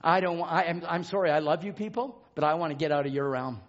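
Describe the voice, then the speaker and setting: A man preaching a fervent revival sermon, dropping to a hushed murmur and rising to ringing shouts. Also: a little high, fast talker. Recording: dull lo-fi tape recording.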